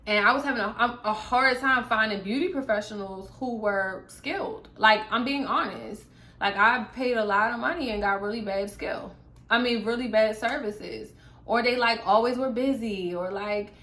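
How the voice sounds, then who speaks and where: A woman's voice: fairly high pitch, sharp tone. A young woman vlogger in candid, casual chat, chatty and full of asides. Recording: echoey room.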